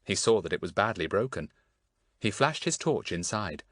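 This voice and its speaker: A man narrating a children's audiobook in a measured, storytelling manner. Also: on the low side, dry recording, studio quality. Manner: measured storytelling with lively intonation. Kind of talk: scripted narration of a children's book.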